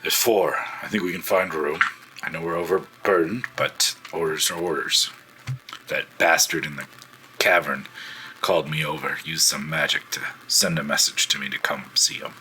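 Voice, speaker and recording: A man's voice: rumbling low, steady tone, normal speed, pushed and bright, slight background noise, rough recording. A man voicing a disguised male ship captain who gives curt commands. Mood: bossy.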